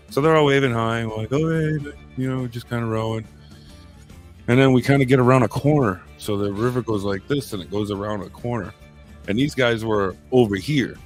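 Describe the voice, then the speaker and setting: A man co-hosting a casual podcast, telling a funny story with frequent laughter. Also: fairly low pitch. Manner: animated storyteller, laughs often. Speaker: podcast co-host.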